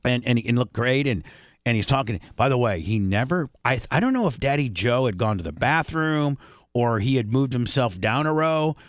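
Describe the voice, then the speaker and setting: A man hosting a radio talk show, telling a story in a rambling, animated way with many restarts. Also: medium pitch, moderate pace, no room sound, studio quality. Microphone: studio microphone.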